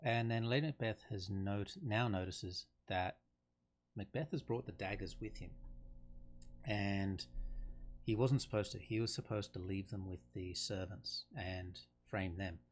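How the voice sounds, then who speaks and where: Male teacher, lower register, casual explainer who thinks aloud. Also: a little slow. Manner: conversational, thinking aloud with fillers and restarts. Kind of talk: casual lesson explaining a play.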